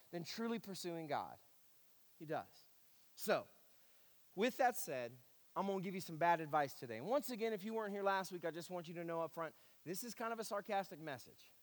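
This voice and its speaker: A man's voice: high voice, expressive, a little fast, big-room sound. A male pastor preaching a sermon, earnest and repetitive, with a wry, self-deprecating sarcasm.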